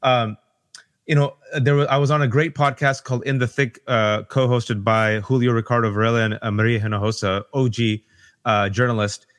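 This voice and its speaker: A man speaking as a guest on a political podcast panel, emphatic and animated, talking in quick bursts and mimicking people as he argues. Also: mid-range voice. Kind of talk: impassioned political podcast discussion.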